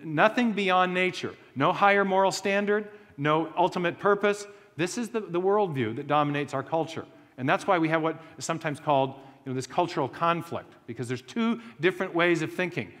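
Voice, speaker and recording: A man's voice: a little high, a bit bright, big-room sound. A man giving a conversational lecture to a live audience, with joking asides and frequent restarts.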